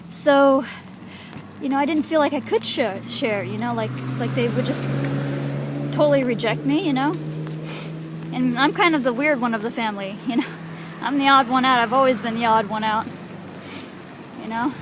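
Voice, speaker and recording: High-voiced woman telling a dream. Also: normal speed, long pauses, background noise. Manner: hesitant, lots of fillers. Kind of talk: casual personal testimony.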